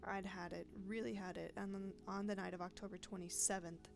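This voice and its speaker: A bitter female sub-editor with a grudge, cold and pedantic as she lays out her accusation, as a woman reads her lines. The voice has a gravelly fry at its edges. Game music plays clearly underneath. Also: mid-range voice, little pitch movement, fairly quick, natural voice. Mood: accusing.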